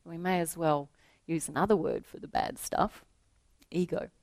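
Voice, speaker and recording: A woman giving a reflective spiritual talk, telling a story to make her point in a gentle voice that often drops to a soft hush. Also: low voice, moderate pace, creaky, no echo. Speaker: spiritual teacher.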